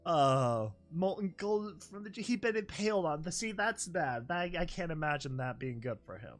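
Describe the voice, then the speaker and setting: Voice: medium pitch, lively intonation, normal speed, faint music behind. A story reader narrating a fan story and breaking off for chatty, joking commentary. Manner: chatty asides, laughs at the story.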